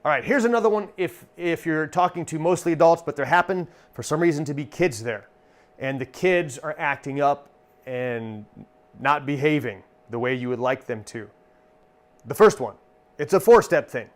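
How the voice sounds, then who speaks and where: A magician and comedy performer giving a friendly, jokey lesson on stock lines for handling hecklers. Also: male voice, a little high, expressive, moderate pace. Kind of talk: instructional talk.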